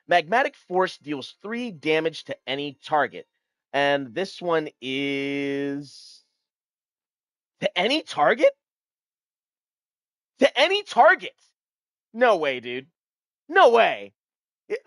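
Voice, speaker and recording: A male streamer talks straight to his chat, hyped and swearing freely, his pitch leaping up and crashing down as he riffs. The sound is close and dry with no room around it. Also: no room sound. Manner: animated, hyped and profane, talking to chat. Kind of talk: casual card-game commentary.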